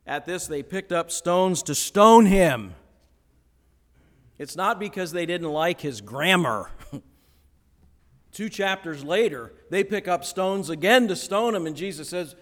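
Animated preacher man in a reverberant hall. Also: fairly high pitch. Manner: animated, acts out quoted voices. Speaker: pastor. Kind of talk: sermon.

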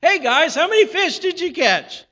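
A jovial man calls out teasing questions from afar, as a preacher acts him out in a high, bright call. A long church echo hangs on each word. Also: very animated, normal speed, exaggerated voice. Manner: jovial, playful calling out. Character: teasing adult man calling from the shore. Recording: reverberant church sanctuary.

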